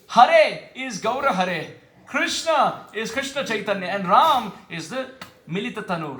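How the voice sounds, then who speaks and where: Male preacher with a high, bright voice; asks listeners questions, intones verses slowly; echoey hall. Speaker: spiritual teacher. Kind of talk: devotional sermon with call and response.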